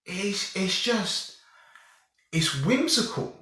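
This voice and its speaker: A young man reviewing a film in a casual, animated way, often restarting his sentences and sounding exasperated. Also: fairly high pitch, slow, a little hiss or hum. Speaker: movie reviewer. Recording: very echoey room.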